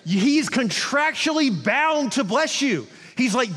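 High-voiced animated preacher in a reverberant hall. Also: male voice, some chatter behind. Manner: animated, conversational preaching with quick asides. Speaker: pastor. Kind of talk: sermon.

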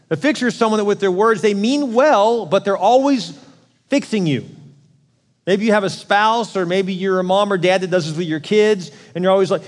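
Pastor preaching in a big reverberant hall. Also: male voice, high-pitched. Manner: conversational, acts out quoted voices. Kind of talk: sermon.

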